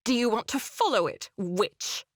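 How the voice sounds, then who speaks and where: A woman's voice: a little high, animated, a little slow, no echo, clean studio sound. An actress playing a zealous female holy warrior, proud and scornful. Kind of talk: video game voice acting.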